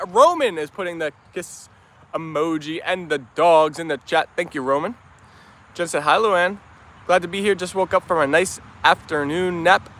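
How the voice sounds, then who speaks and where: A man's voice: sits high, sharp tone. A man hosting a casual outdoor livestream, chatty and upbeat, greeting viewers by name and reading their messages aloud. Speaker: livestream host. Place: outdoors in a yard with dogs and chickens.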